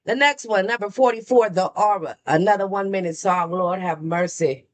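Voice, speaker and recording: A woman hosting a music reaction, commenting in an excitable, exclamatory way and talking straight to her viewers. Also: mid-range voice, normal speed.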